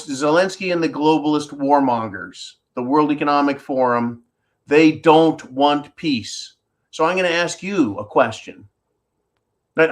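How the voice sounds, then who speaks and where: A man's voice: a little high, a bit bright. A middle-aged man hosting a profane, sarcastic commentary monologue, talking straight to his viewers as folks. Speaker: channel host. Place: indoors, tropical home.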